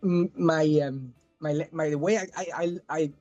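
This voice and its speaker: A man's voice: fairly high pitch, normal speed, darkish tone, muffled recording, faint music behind. A man in his thirties from southern Spain with a thick Spanish accent, chatting as a guest in a casual interview, often restarting and repeating words.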